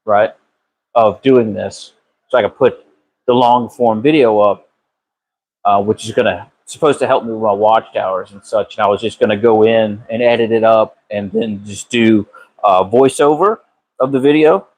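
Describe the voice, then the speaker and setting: A man's voice: on the low side, normal speed, poor audio. A man live-streaming from his garage on a phone, chatting casually with viewers by name and swearing freely. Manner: relaxed, drawling, swears freely, answers chat by name. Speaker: car builder live-streaming a transmission repair. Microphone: phone camera.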